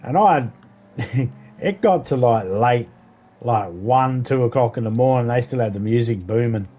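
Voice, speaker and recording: A middle-aged man rambles through a story in casual chat as he plays a game. His talk is loose and profane, full of asides and restarts, at an ordinary mid pitch. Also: lively intonation, a little slow, dark tone. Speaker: game streamer. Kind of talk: casual chat while gaming.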